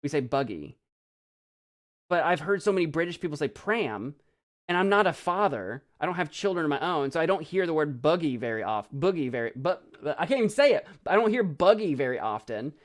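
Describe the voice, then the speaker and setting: A man's voice: on the high side, very animated, brisk. An American man chatting casually on a live stream, rambling and giggling as he reads viewer comments aloud.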